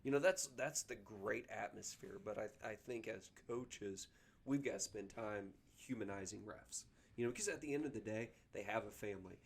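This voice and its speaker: A middle-aged man, a basketball coach talking earnestly as a guest, pausing often with ums and restarts. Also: on the low side, gravelly, husky. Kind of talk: casual podcast conversation.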